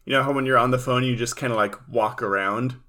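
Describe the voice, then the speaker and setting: A man's voice: medium pitch, steady tone, fast, sharp tone. A man co-hosting a casual recap chat, dropping wry asides. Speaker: podcast co-host recapping an anime.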